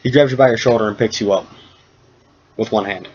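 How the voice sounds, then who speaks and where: A man's voice: on the low side, fairly quick, a little mellow. A young man narrating as game master, loose and jokey, stumbling over words now and then. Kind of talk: casual tabletop game narration. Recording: dull lo-fi recording with faint hiss.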